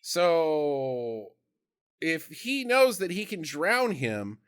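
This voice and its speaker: A man's voice: fairly high pitch, sing-song, extremely slow, fairly bright tone, smooth. A man co-hosting a podcast, recapping a movie in a profane, joking way. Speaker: podcast co-host. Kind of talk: casual comedic movie recap.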